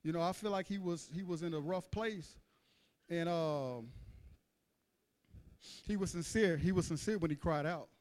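Guy preaching, pretty high voice, smooth and clear, keeps checking in with amen. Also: moderate pace, long pauses, a little mellow. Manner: emphatic, repeats "amen" and "you see what I'm saying". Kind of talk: sermon. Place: church.

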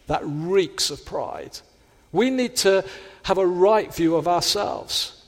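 A man delivers a sermon in an earnest, direct way, occasionally slipping into little acted-out inner voices. His voice is high for a man, with lively intonation at normal speed, and the sound rings with a long reverb like a large hall.

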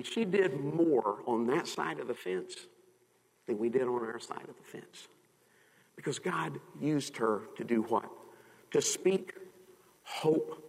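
A man's voice: fairly high pitch, vocal fry, slightly rough, big-room sound, poor audio. A male pastor delivering an emphatic sermon, acting out the people he quotes in a raised, dramatic voice. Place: church sanctuary.

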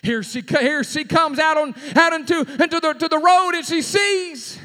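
A man preaching a sermon, retelling stories with dramatic swings from shouts to hushed tones. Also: very high-pitched, moderate pace. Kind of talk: sermon storytelling. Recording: long hall reverb.

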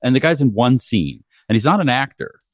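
A man on a video call telling a chatty story as a guest, with wry asides, through a quiet mic. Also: medium pitch, very animated, a little fast, no room sound, studio quality. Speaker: guest in a group chat. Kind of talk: casual storytelling.

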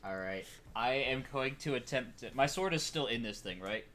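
An eager player with a bright voice, a man. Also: mid-range voice, expressive, normal speed, a little hiss or hum. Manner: short, eager questions about the rules. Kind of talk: casual tabletop game chat.

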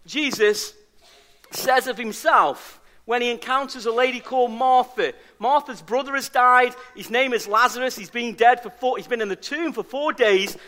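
A man's voice: very high-pitched, moderate pace, sharp tone. A man preaching a sermon as pastor, emphatic and fond of repeating key phrases for stress. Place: church service.

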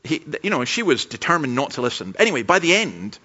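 A man's voice: fairly high pitch, big pitch swings, fast talker, pushed and bright, slightly rough. A man preaching a sermon at a church camp, telling stories in a conversational way with frequent asides. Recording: dull lo-fi sermon recording.

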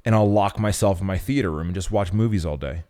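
A man hosting a podcast, telling stories in a loose, profane, animated way. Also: sits low, fast. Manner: profane, rambling, animated storytelling. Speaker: podcast host. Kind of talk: casual podcast chat.

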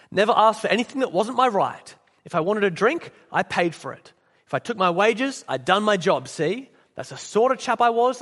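A preacher reading aloud puts on the voice of a blustering, aggrieved male ghost demanding his rights. The exaggerated voice is high, forceful, and fairly bright, ringing with a long echo like a church hall.

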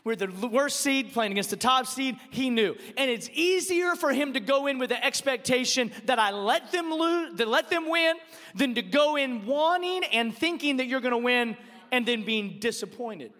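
A male pastor, animatedly telling a personal story as he leads into his sermon in a church. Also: extremely high pitch. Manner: animated storyteller, quick asides. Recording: long reverb of a large hall.

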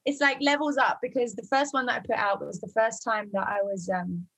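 A woman's voice: a little high, fairly even intonation, a bit bright, slightly rough, dry recording, low-quality recording. A young woman from North London with a London accent, chatting casually as a guest and laughing often. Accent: London English. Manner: bubbly, laughs often, quick rambling. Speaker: guest singer and artist. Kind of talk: casual chat.

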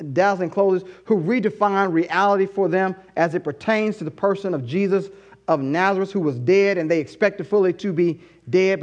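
Animated male preacher with a high voice. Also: highs cut off. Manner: animated storytelling with rhetorical questions. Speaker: pastor. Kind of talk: sermon.

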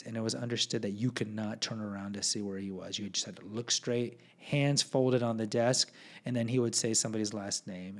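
A young man with a gravelly voice at an ordinary pitch, reading from his own life story and breaking off to comment. He talks in a candid, self-deprecating way, full of restarts and side remarks. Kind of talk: casual personal storytelling.

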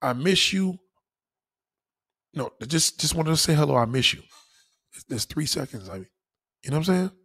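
Husky dude vlogging life advice, swears a lot, voice jumps all over. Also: male voice, fairly high pitch, moderate pace, long pauses. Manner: animated, preachy, swears freely. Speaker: YouTuber. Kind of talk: casual advice monologue.

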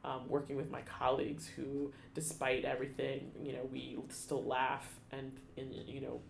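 A man telling a personal story in an interview, halting, with many restarts and fillers, becoming emotional. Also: medium pitch, monotone, vocal fry, reverberant, a little hiss or hum. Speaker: guest, theater education staff. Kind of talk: conversational storytelling.

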